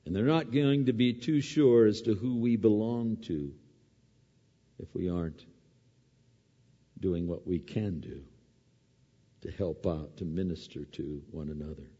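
A male pastor preaching a conversational sermon, swinging from emphatic peaks to soft, quiet asides. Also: low voice, husky. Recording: dull lo-fi sound with long hall reverb.

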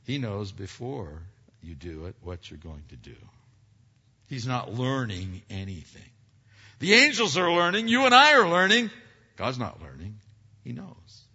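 A man's voice: lowish voice, husky. A man preaching a sermon earnestly, often restarting words and asking rhetorical questions. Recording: dull recording with long hall reverb.

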